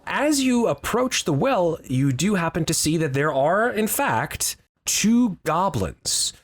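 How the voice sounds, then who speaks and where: Man, game master narration, animated pitch, descriptive, hesitant storyteller. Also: slow pace.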